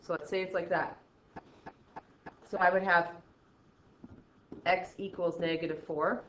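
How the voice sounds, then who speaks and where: A woman's voice: lowish voice, fairly even intonation, measured pace, fairly bright tone, slight background noise. A woman teacher explaining math in a chatty way, often checking in with "okay?" and acting out student reactions. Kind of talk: recorded classroom math lesson. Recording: slightly dull, roomy recording.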